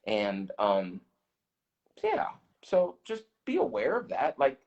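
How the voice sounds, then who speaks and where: A man's voice: mid-range voice, wildly swooping pitch, slow, a little mellow, muffled recording. A man talking as a guest on a radio show, earnest and reflective, often restarting his sentences as he explains how he feels. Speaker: guest, host's twin brother. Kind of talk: casual radio chat.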